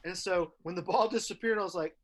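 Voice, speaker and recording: Chatty higher-voiced man on a podcast. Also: fast talker. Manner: chatty storyteller with many fillers. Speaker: podcast co-host. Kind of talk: casual chat.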